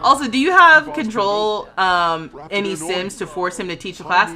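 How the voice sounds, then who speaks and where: A woman in her thirties streaming a life-sim game, ranting dramatically with loud outbursts and laughter, then settling into explanations for her chat. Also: mid-range voice, moderate pace, faint music behind. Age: 30s. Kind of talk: livestream gameplay commentary.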